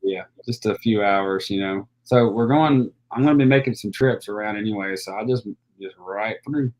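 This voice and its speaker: A man's voice: lowish voice, moderate pace, a little mellow, poor audio. Tennessee accent guy, laid back, lots of ums and restarts, on a video call. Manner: easygoing, many fillers and restarts. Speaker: guest. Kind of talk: casual interview chat.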